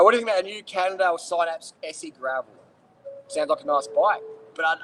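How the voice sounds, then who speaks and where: A man's voice: fairly high pitch, a bit bright, a little hiss or hum, low-quality recording. A man, a cycling vlogger answering viewer questions casually in a blunt, swearing, ranting way.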